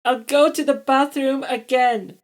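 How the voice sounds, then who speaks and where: A storyteller voicing a bossy young girl who exclaims in a high, loud voice. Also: steady tone, measured pace. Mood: upset.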